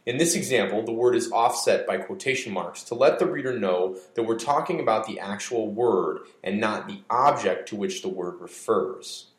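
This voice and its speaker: A man with a lowish voice reads a scripted explainer as a podcast host, dry and a little mock-dramatic. The sound carries a noticeable room echo. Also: expressive, normal speed, few pauses. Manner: wry, mock-dramatic delivery. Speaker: podcast host for an editing service.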